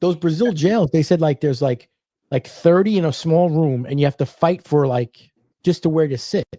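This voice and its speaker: A man's voice: a little high, normal speed, dark tone, dry recording, studio quality. A man hosting a casual podcast, reading out viewer comments and agreeing with his guest in short, easy replies. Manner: easygoing, answers with short agreements.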